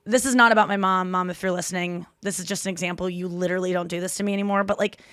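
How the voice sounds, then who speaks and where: A woman hosting a podcast, telling stories in casual chat with quick asides and self-corrections. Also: fairly low pitch, fairly even intonation, a bit bright, clean tone, no room sound, clean studio sound. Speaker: podcast host.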